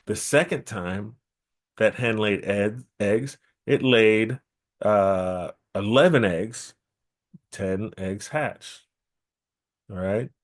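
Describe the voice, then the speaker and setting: A man telling a traditional story at a temple gathering, lively, repeating key phrases for emphasis. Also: lowish voice, drawn-out words, long pauses. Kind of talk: oral storytelling.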